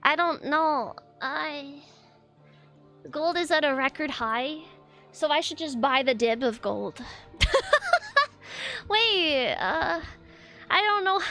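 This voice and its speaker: A woman's voice: high voice, pushed and bright. A young woman streamer chatting casually, flustered and rambling, swearing often. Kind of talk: casual live-stream chat.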